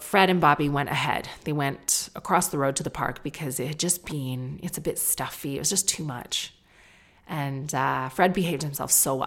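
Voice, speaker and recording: Chatty woman with a low voice. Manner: chatty, candid storytelling with sudden jumps in pitch and loudness; acts out other people's voices in her anecdotes. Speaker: podcast host. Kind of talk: casual monologue podcast.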